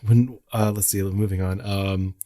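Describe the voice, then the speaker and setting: A man co-hosting a podcast in casual chat, candid and quick to laugh. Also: deep voice, little pitch movement, dark tone. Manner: giggly, candid, frequent laughter. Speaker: podcast co-host.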